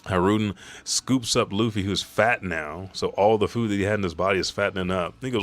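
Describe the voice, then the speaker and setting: Deep-voiced man, casual profane recap. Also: moderate pace. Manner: loose, profane, energetic play-by-play. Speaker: YouTube manga recap host. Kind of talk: casual chapter recap narration.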